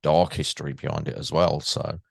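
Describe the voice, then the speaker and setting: A man's voice: extremely low pitch, flat delivery, fairly quick, vocal fry, slightly rough, dry recording, studio quality. An English man hosting a podcast, chatting in a rambling way and wandering off on tangents. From England. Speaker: podcast host. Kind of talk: casual chat.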